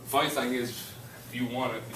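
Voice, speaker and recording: A male teacher, talking to a classroom and spinning a story with plenty of energy. He is picked up from across an echoey room, and the recording carries a steady background noise. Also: mid-range voice, fairly quick. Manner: animated storyteller, laughing while telling. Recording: echoey classroom from far off, noisy.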